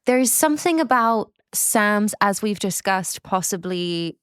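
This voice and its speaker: A woman's voice: mid-range voice, lively intonation, a little slow, clean tone, dry recording, studio quality. A woman co-hosting a podcast, speaking in a wry, thoughtful way and laughing often. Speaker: podcast co-host. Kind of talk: casual chat.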